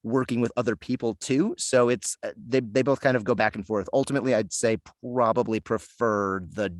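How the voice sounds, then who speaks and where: A man, a voice actor, chatting casually in an interview, self-deprecating and quick to laugh. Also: medium pitch, steady tone, dry recording, studio quality. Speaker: voice actor guest.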